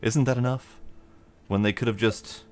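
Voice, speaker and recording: A man's voice: mid-range voice, fairly even intonation, moderate pace, voice pushed up, close to an everyday voice. A man voicing a sulky, sarcastic eighteen-year-old witch, reading game dialogue in his own dry voice. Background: faint game music.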